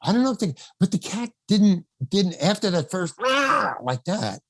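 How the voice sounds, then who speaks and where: Recorded without any room sound, an older actor guesting in a podcast interview rambles through a backstage tale, performing the quotes, laughing frequently and cursing occasionally. He speaks a little slowly in a high voice with big swings in pitch.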